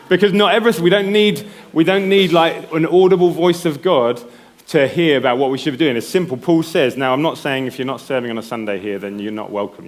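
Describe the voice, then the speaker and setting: A man preaching a sermon in a conversational way, often checking in with the congregation. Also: medium pitch. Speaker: pastor.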